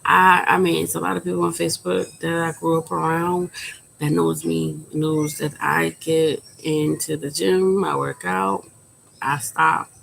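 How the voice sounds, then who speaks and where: A woman in her late thirties talks candidly to her viewers, keeping her volume low and subdued. Her voice has a gravelly, creaky edge, and she rambles with lots of fillers. Faint ambient noise sits underneath. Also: flat delivery, measured pace, poor audio. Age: 30s. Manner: quiet, subdued speaking volume; frank, rambling, with frequent fillers. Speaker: vlogger. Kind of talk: candid personal vlog talk.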